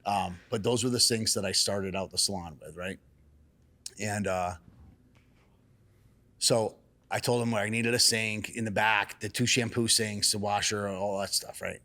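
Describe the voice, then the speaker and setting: A man, a salon owner, telling a story in casual chat, animated and cursing freely. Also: on the low side, a little slow. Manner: animated, acts out quotes in raised excited voices. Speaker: salon and barbershop owner, guest.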